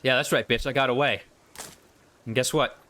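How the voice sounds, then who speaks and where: A man doing live gameplay commentary on a desk mic at home, excitable and cursing as he yells at enemies. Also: medium pitch, normal speed. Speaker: gaming YouTuber. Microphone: desk condenser mic.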